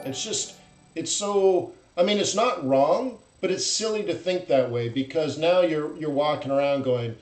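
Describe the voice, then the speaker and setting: Man, trading host, blunt, animated, mocking asides, fairly high-pitched, echoey room. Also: a little slow, soft background music. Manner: animated, blunt, acts out traders' voices in loud mocking bursts. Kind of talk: live-stream market commentary.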